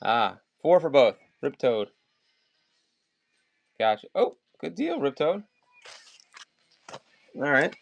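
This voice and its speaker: A man's voice: mid-range voice, very animated, gravelly, no room sound, dull audio. Maryland guy auctioning comics on a stream, talks loose and rambly. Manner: chatty, rambling, calls bids fast. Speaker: livestream seller. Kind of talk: casual live auction chat.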